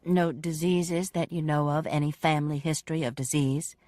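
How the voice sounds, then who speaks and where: A woman reader voicing a young woman paramedic who asks calm, matter-of-fact questions. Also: low-pitched, normal speed, no echo, voice pushed down, natural voice. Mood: businesslike.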